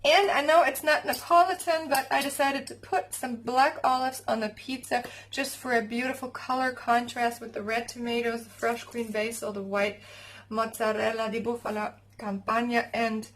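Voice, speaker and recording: German woman home cook vlogging in her kitchen, kinda high voice, excitable and chatty. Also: poor audio. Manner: chatty and excitable, talks to viewers while cooking. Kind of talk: casual cooking vlog.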